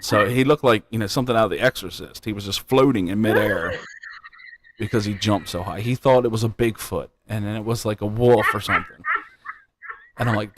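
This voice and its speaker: A man's voice: on the low side, heavy background noise. A man hosting a live stream, chatting casually and telling rambling stories with frequent laughter. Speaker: livestream host.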